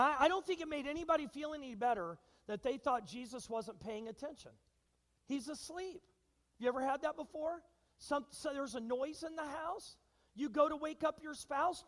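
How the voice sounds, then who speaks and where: A man preaching a sermon as pastor, animated and engaging his congregation with questions and acted-out quotes. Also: very high voice, moderate pace, big-room sound. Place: church sanctuary.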